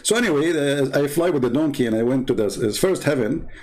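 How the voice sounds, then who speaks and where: A man's voice: mid-range voice, expressive, a little fast, a little mellow. A man with an Arabic accent, a native Arabic speaker, hosting and telling a mocking story in a rambling, sarcastic way, full of fillers. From Arab world. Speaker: host, Christian apologist.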